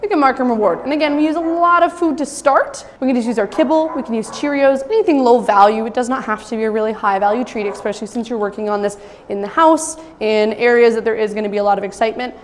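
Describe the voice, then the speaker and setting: A young adult woman dog trainer giving an instructional demonstration, explaining calmly with occasional high-pitched praise for a puppy. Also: fast talker. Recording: long reverb with faint ambient noise.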